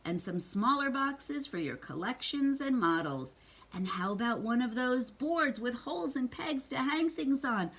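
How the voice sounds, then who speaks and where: A woman reading the part of a calm, fair father bear who lays down the law firmly and reasonably in a storybook. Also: sits high, a little slow, exaggerated voice. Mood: eager. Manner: firm, reasonable lecturing.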